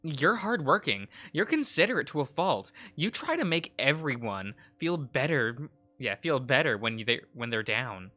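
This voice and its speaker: A man's voice: mid-range voice, big pitch swings, normal speed, sharp tone. A man voicing a blunt, fiery young woman florist in a visual novel read-aloud, scolding and bluntly encouraging. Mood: earnest.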